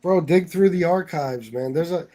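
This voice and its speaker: A man's voice: a little high, moderate pace, warm tone. A man hosting a casual livestream chat, talking loosely with plenty of swearing and fillers. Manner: loose and profane, with many fillers. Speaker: livestream host.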